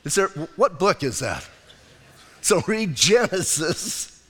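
A middle-aged male pastor preaches in a loose, conversational way, acting out the story as he goes. His voice sits a little high for a man. The church around him adds a long, ringing reverb. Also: very animated, takes it slowly, fairly bright tone, slightly rough. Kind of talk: expository sermon.

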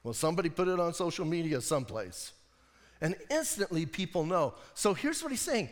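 A man preaching a sermon as pastor, telling the story in a lively, conversational way and often checking in with his congregation. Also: on the high side, a little fast. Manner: animated storytelling. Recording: long hall reverb from the church.

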